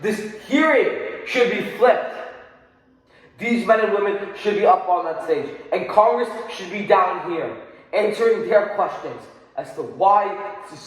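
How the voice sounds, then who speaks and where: A man performs a dramatic speech recitation, his voice slightly high and full of controlled anger. He punches key words and leaves heavy pauses. The sound is washed in strong echo with a long hall reverb. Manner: impassioned, angry, emphatic pauses. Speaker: oral interpretation student.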